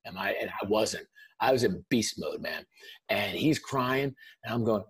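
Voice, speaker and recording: A man's voice: fairly low pitch, fast, husky. A middle-aged man, a podcast guest, telling a blunt, intense personal story in casual speech with some swearing. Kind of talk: emotional storytelling.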